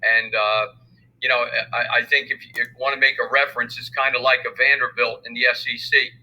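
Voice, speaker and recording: An older man, a football coach answering interview questions in a measured, thoughtful way. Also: mid-range voice, little pitch movement, pushed and bright, low-quality recording. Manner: measured, thoughtful, many fillers. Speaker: high school football coach. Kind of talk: interview conversation.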